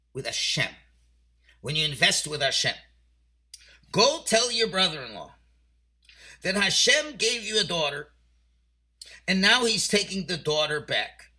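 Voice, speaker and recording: A rabbi giving an emphatic, story-driven weekly Torah portion talk, mixing in Hebrew and Yiddish terms and swinging between quiet and loud passages. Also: male voice, sits high.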